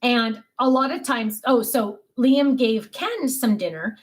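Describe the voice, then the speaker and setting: A woman's voice: a little high, slow. An older woman, a grandmother, chatting casually and telling family stories with many fillers and restarts. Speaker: craft vlogger. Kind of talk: casual chat.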